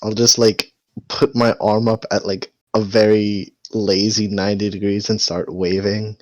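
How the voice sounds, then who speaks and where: A low-voiced man playing a tabletop game, talking very slowly and lazily. His voice is dry and close, heard through a slightly lo-fi mic. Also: flat delivery, darkish tone, dry recording. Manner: laid-back, unhurried. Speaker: player. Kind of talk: casual tabletop play.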